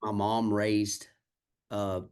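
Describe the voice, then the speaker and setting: A man's voice: lowish voice, monotone, extremely slow, a little mellow, clear, resonant tone. A man from Kentucky, a country singer and songwriter telling candid, salty stories in a casual interview and acting out the people he quotes. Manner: candid, salty storyteller who acts out quoted exchanges.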